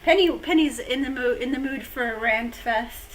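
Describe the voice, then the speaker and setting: A woman's voice: high voice, normal speed, slight background noise. A woman hosting a casual live-stream chat, playful and teasing with her co-host.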